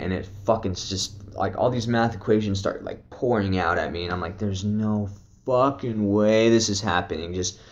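A man's voice: fairly low pitch, muffled recording. Laid-back young man telling a trip story. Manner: loose, profane, laughing storyteller with many fillers. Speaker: vlogger. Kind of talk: casual storytelling, trip report.

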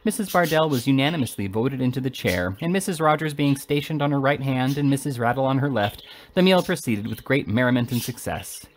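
A man reading a classic novel aloud in an expressive, animated way. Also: mid-range voice, a little fast, slight background noise. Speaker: reader.

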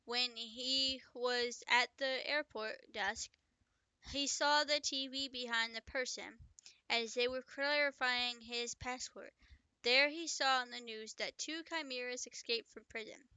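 Chatty woman reading her own story, bright smooth voice, dry close mic. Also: fairly high pitch, steady tone, a little slow, no echo. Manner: chatty, breaks off to joke and comment. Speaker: author reading own book. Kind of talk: casual story reading with asides.

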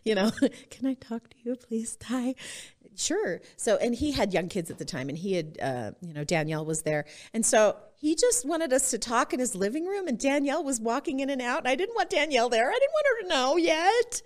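A middle-aged woman from Utah, a podcast guest telling her personal story in an expressive way and laughing often. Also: high voice, a little fast, few pauses.

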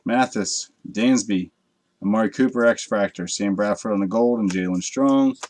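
A man's voice: fairly low pitch, normal speed, background noise. A man hosting a live card break, chatting casually with viewers and swearing freely as he opens packs late at night. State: tired from a long night.

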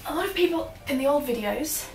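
Her voice high, animated and fairly quick, a young Australian vlogger gives a relaxed tour of her small apartment, accent occasionally turning British. She giggles and fills gaps with fillers. Sound is echoey, with quiet music behind her.

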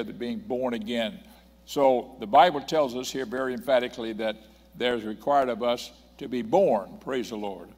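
A man's voice: mid-range voice, darkish tone. An older man preaching a sermon, reading scripture aloud and emphatically repeating his points to the congregation. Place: church sanctuary. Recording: long hall reverb.

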